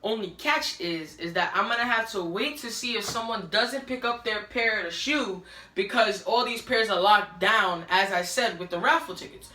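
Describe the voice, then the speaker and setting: A woman's voice: medium pitch, moderate pace, roomy sound. A woman ranting to camera in a frustrated, profane way, filmed on a phone on a selfie stick. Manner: profane, frustrated, rising to shouting. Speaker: vlogger. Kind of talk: angry rant to camera.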